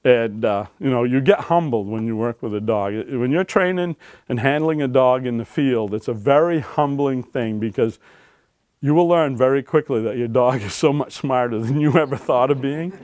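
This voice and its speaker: A man's voice: mid-range voice, moderate pace, a little mellow. A man tells search and rescue stories to a crowd in a folksy way, often tagging "right?" onto his sentences. His voice sits in the middle range, and the sound is dry with no room echo. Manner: folksy, keeps checking in with "right?". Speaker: author and search and rescue dog handler. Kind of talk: storytelling talk to an audience. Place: public library talk.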